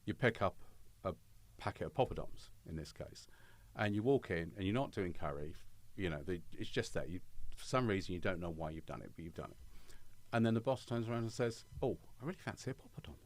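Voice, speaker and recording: A man's voice: deep voice, expressive, a little fast, hardly any pauses, darkish tone. A middle-aged man, a chef and podcast guest, musing and rambling in casual chat.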